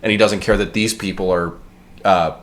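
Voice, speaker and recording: A man with a very deep voice argues on a casual podcast. His points pile up in long run-on chains, one clause after another. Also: fairly even intonation, normal speed. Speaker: podcast co-host. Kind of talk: casual discussion.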